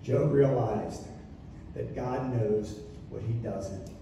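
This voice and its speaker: A man's voice: medium pitch, slow, vocal fry, dark tone, a little hiss or hum. A man preaching a sermon as pastor, with impassioned, repetitive delivery. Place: church sanctuary. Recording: echoey room from far off.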